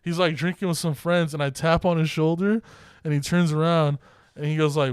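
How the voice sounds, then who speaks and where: A man's voice: sits high, moderate pace, clean tone, dry recording. A young man co-hosting a podcast, telling a bar story in casual, profane, laughing chat. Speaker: podcast co-host.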